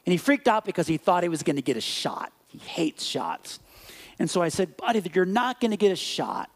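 A male pastor delivering a sermon with a voice set higher than most men's. He preaches in an animated way, playing out bits of dialogue. He sinks into quiet, gentle passages for reflection. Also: a little fast. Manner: animated, acts out scenes and dialogue; drops to soft quiet reflection.

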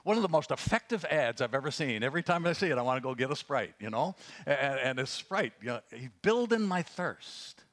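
A man's voice: medium pitch, animated, fast, a bit bright. A man preaching a sermon in a conversational way, often hesitating with fillers and rising to emphatic questions. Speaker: pastor.

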